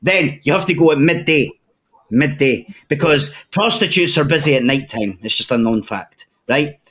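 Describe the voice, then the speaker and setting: A Scottish man rambles through a sweary story with friends, his voice sitting a little high for a man. He talks casually and loosely, piling on filler words and curses. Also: normal speed, a bit bright. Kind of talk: casual chat among friends.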